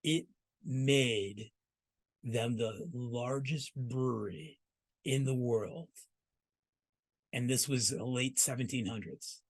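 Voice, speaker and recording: A man's voice: mid-range voice, takes it slowly, pauses often. A man hosting a trade news segment, telling history in a storytelling way and speaking straight to the listener. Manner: storytelling, addresses listener directly. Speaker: host.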